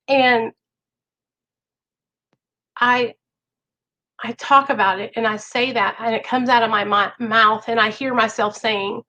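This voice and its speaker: A woman's voice: on the high side, steady tone, takes it slowly, pauses often, bright, forceful tone, poor audio. A woman talking to camera in a casual, earnest way, coaching viewers through recovery, often checking in with "okay?" and many "like" fillers. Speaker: vlogger sharing recovery advice. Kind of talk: casual advice talk to camera.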